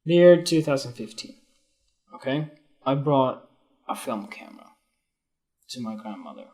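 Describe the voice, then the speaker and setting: A man's voice: medium pitch, sing-song, measured pace, darkish tone. A young man hosting a solo photography show, rambling and blunt, swearing freely as he talks off the cuff on a live stream. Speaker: photography podcast host.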